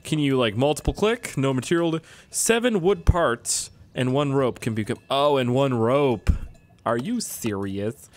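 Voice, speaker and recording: A man's voice: mid-range voice, expressive, a little slow. Chatty young Canadian man gaming. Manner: chatty, joking, self-mocking asides. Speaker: gaming YouTuber. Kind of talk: let's play commentary.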